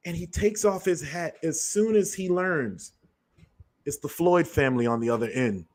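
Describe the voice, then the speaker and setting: A man's voice: a little high, normal speed, a little mellow. A man hosting a show, delivering a blunt, profane commentary monologue. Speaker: show host.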